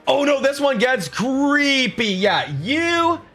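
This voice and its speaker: A man's voice: very high voice, sing-song, slow pace, a bit bright, soft background music. A man chatting casually with his live stream chat, reading out and answering messages. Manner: chatty, reads chat aloud, upbeat. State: chewing food at times. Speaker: livestreamer.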